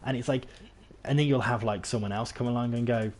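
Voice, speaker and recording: A man's voice: mid-range voice, brisk, darkish tone, a little hiss or hum. A man with an English accent chatting casually while playing a game, rambling and self-deprecating with lots of restarts. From England. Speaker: game streamer. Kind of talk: casual gameplay commentary.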